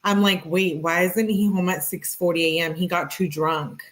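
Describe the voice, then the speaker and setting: A woman's voice: on the low side, steady tone, moderate pace. Lady streamer reading out texts, snarky little asides, chatting w her viewers. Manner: sarcastic asides, reads chat comments. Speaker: true crime streamer. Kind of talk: reading texts aloud with live commentary.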